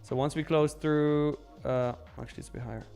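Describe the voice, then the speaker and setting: A man's voice: fairly high pitch, steady tone, fairly quick, vocal fry, a little mellow, smooth, faint music behind. A man hosting a live trading stream, talking casually and joking as he reads out chat messages.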